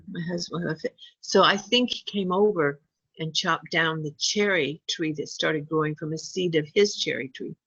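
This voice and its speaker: A woman's voice: low-pitched, unhurried, gravelly, breathy edge, no echo, highs cut off. A woman telling a long personal story in casual chat, acting out what people said. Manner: chatty, animated when quoting people.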